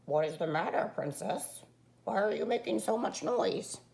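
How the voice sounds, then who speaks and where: A woman's voice: mid-range voice, lively intonation, normal speed, creaky, a little mellow. A woman voicing an ugly little male frog who bargains and pleads, read aloud from a storybook. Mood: questioning.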